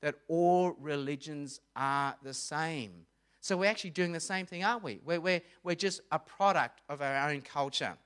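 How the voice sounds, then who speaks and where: Man, young, public talk, storytelling, acts out voices, fairly high voice. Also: normal speed, clear, resonant tone. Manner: animated storytelling with acted-out voices. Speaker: speaker. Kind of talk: evangelistic talk.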